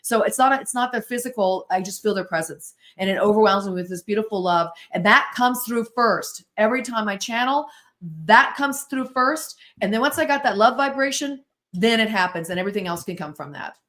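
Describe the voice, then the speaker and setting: An American woman in her sixties talks very quickly as a podcast guest. She tells her stories in an animated way and acts out dialogue and sounds as she goes. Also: mid-range voice. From United States. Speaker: guest, spirit-board author and therapist. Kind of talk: storytelling in a podcast interview.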